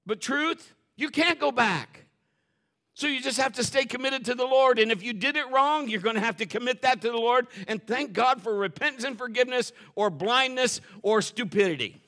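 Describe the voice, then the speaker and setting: High, bright-voiced male pastor preaching. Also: normal speed. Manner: animated storytelling, acts out quotes and shouts for effect. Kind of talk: sermon with personal stories.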